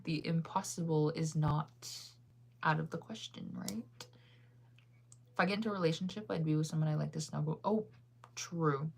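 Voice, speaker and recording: A chatty young woman talks casually to her stream, reading comments aloud and laughing often. Her voice sits a little low for a woman. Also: creaky, a little hiss or hum. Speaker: livestreamer.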